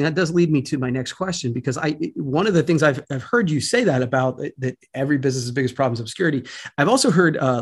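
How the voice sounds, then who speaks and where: A man's voice: on the high side, slightly rough. A man hosting a podcast interview, asking long, rambling questions full of restarts. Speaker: podcast host.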